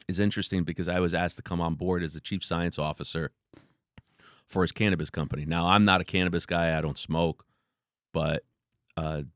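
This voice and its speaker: A man, a company founder, telling laid-back, animated stories as a podcast guest. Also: deep voice, dry recording, clean studio sound. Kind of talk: casual interview storytelling.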